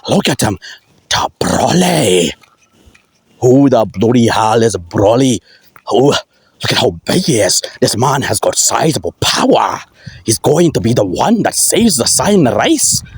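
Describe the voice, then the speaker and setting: A man's voice: medium pitch, big pitch swings, unhurried, husky, no echo, studio quality, heavily acted. A man voicing a fawning male alien royal advisor from a cartoon, pleading and eager.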